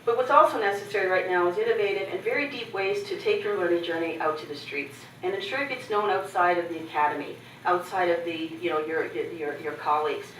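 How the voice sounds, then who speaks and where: A middle-aged Canadian woman gives a keynote address in a conference hall, sharing personal stories with candor and humor and acting out other people's lines. Her fairly low, slightly bright voice moves fast with hardly any pauses. The distant mic picks up hall echo and a little hiss or hum.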